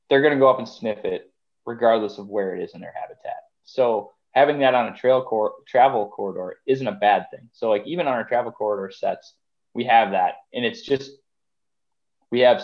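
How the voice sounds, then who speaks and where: A man's voice: medium pitch, dull audio. A man chatting casually on a podcast as a guest, rambling with lots of fillers. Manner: rambling, conversational, many fillers. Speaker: podcast guest, deer hunter.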